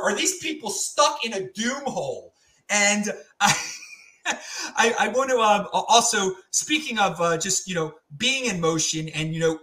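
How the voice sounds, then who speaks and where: A male host of a live-stream panel talk show, loud, excitable and given to ranting. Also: high voice, far from the mic. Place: home studio in Salt Lake City. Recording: roomy echo.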